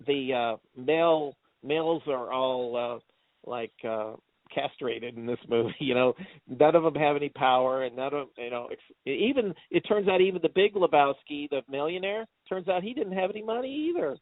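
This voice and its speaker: A man co-hosting a movie review chat, laughing often as he retells scenes with excitement. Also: a little high, normal speed, dry recording. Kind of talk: casual chat. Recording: tinny phone-like dry sound.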